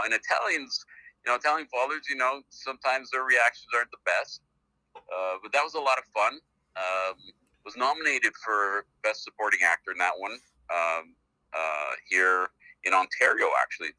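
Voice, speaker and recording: Canadian male actor, middle-aged, phone guest; chatty rambler, low-pitched, very bright and tense. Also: no echo, low-quality recording. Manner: chatty, rambling storyteller with many fillers. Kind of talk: casual phone interview. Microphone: phone call.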